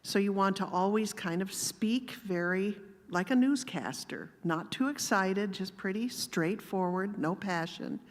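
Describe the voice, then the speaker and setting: A woman giving a sermon-style talk with personal stories, speaking in a calm, measured, gently conversational way. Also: medium pitch, big-room sound. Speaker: guest speaker. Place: church.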